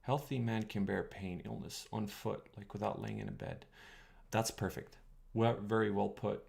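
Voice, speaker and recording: A young man streaming casually, working through an old text out loud with many pauses and questions to his chat. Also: fairly low pitch, expressive, creaky. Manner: thinking aloud, halting, reads words out slowly, asks the chat.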